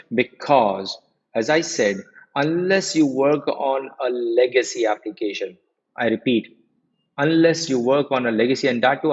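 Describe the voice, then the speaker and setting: Husky-voiced man teaching, muffled audio. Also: medium pitch. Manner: repeats key points and keeps quizzing the class. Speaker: software trainer. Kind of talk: live technical lecture.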